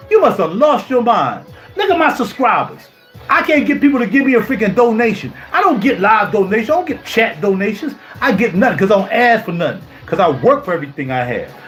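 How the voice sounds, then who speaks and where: A man's voice: high voice, very animated, fairly quick, a bit bright, faint music behind. A man in his fifties ranting on a live stream. He sounds indignant, repeats himself and fires off rhetorical questions. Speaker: YouTuber. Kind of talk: heated live-stream rant. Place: home music studio.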